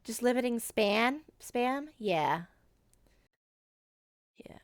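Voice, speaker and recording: A woman's voice: a little high, animated, very slow, dry recording, studio quality. A woman streaming a game, chatting casually and rambling with lots of fillers.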